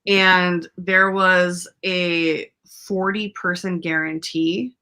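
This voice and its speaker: A young woman hosting a casual chat, her voice bright and a touch low. She rambles through a story with plenty of fillers and laughs along the way. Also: level tone, extremely slow, smooth. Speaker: podcast host.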